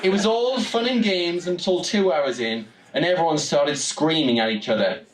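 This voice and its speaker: A man's voice: fairly high pitch, moderate pace. A young man from Newcastle with a Geordie accent, telling a wry, comic story live on stage in a small venue. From Newcastle, England. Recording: roomy room, distant mic, audience.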